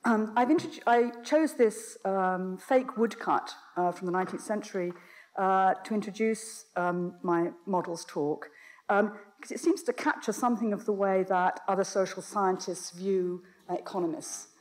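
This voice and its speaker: A woman delivers an academic lecture, her voice strained and coming and going. She speaks at a middling pitch, pausing often and restarting her phrases as she explains ideas to a mixed audience. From Britain. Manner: hesitant, many ums and restarts. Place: lecture hall.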